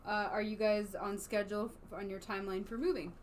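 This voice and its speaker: A woman with a slight Southern accent co-hosting a casual live stream, relaxed and quick to laugh. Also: medium pitch, a little hiss or hum. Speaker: co-host.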